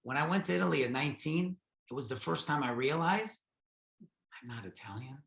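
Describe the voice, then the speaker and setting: A man's voice: a little high, a little fast, gravelly. A middle-aged man tells stories from his life in an oral history interview, acting out the dialogue. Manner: animated, acts out his own dialogue. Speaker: interviewee, podcast host. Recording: roomy echo.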